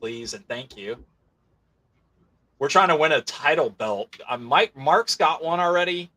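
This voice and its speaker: A man's voice: fairly high pitch, lively intonation, unhurried, sharp tone. A man co-hosting a podcast, chatting casually and laughing often. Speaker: podcast co-host.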